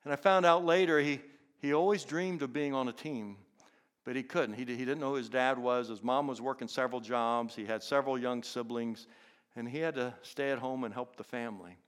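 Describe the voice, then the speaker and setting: A mid-pitched man with a brisk, clean tone tells a storytelling testimony in an animated way. A teacher and inspirational speaker, he leaps into high, excited voices for his characters before dropping to something soft and hushed.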